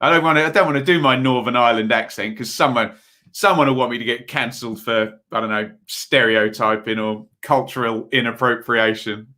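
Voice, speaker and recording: On a live stream football watch-along, a man with a bright, forceful, medium-pitched voice talks a little fast. He mixes laid-back play-by-play with reading out viewer messages, chatting between moves in a rambling style full of fillers.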